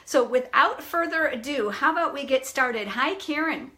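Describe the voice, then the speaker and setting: A woman's voice: high-pitched, animated, normal speed, bright, forceful tone. A chatty middle-aged woman runs a live stamping demonstration from her home craft room. She greets viewers by name as she goes and jokes about her own mistakes. Her voice is picked up by a phone camera.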